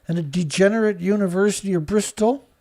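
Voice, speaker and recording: Speaking fairly quickly in a high voice with a darkish tone, a Canadian host reads news stories aloud on his one-man commentary show. Sarcasm, indignation, and frequent laughter color his remarks, all captured on a studio mic.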